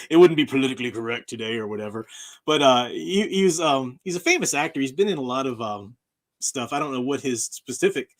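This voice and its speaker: A man's voice: medium pitch, expressive, brisk. A man, a university professor hosting his own channel, talking in a casual livestream chat, emphatic and often laughing at his own remarks.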